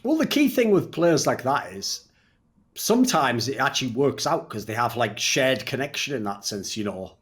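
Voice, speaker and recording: A man's voice: mid-range voice, big pitch swings, normal speed, fairly bright tone. A man talking on a casual podcast as a guest, blunt, profane and teasing.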